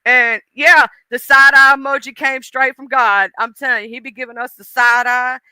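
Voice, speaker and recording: Bright chatty woman live streamer. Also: sits high, fairly even intonation, normal speed, clear, resonant tone, no echo, rough recording. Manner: chatty, laughing, talks to chat viewers. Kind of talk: casual live stream chat.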